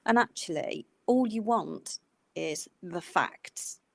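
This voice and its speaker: A middle-aged nurse co-hosting a podcast speaks in a fairly low, creaky, expressive voice, slowly, on a dry recording. She gives casual advice in a rambling way, full of fillers, and says she goes off on tangents.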